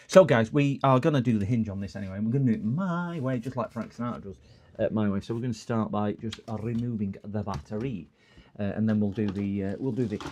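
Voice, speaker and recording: A man's voice: fairly low pitch, a little mellow, a little hiss or hum. A man with a northern English accent, chatting casually on a live repair stream and rambling off into long stories. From northern England. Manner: rambling, digressive storyteller.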